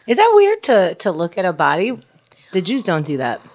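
A woman's voice: on the low side, wildly swooping pitch, moderate pace, darkish tone. A woman co-hosting a podcast, casual, blunt and outspoken. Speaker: podcast co-host. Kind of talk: casual chat.

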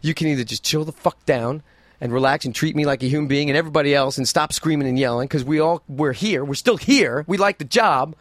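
Man talking real fast and kinda high, cursing a lot, doing voices of people in his stories, dry close mic. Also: no echo. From New York City. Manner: profane, animated, acts out quotes. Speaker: podcast co-host. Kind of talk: casual chat, storytelling.

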